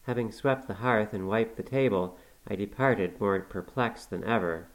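A man narrating a classic novel aloud in a measured, unhurried storytelling manner. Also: lowish voice, low-quality recording. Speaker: audiobook narrator.

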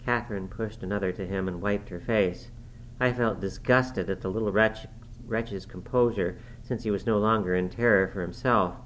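Audiobook narrator: man, low voice, measured formal reading, faint hiss. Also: steady tone, a bit bright, low-quality recording. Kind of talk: scripted narration of a classic novel.

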